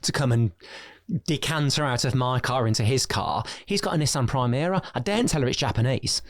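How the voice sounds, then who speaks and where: A businessman telling family anecdotes in a relaxed, self-deprecating way as a podcast guest. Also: medium pitch, fairly quick. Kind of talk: conversational storytelling.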